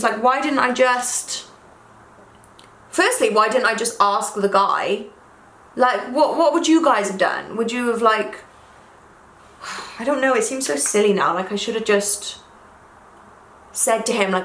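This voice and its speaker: A woman's voice: mid-range voice, normal speed, fairly bright tone. Chatty young woman, roomy echo. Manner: rambling and chatty, self-deprecating. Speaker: beauty vlogger. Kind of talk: casual chat while doing makeup. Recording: echoey room.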